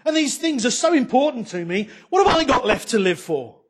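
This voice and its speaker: A man's voice: very high-pitched, big pitch swings, a little fast, husky, voice pushed up, exaggerated voice. A man voicing a distraught biblical man who pleads indignantly over his stolen idols. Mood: indignant pleading.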